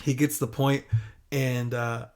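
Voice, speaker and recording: A young man telling a story in a casual podcast chat, swearing often and animated as he tells it. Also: mid-range voice, takes it slowly. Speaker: podcast guest.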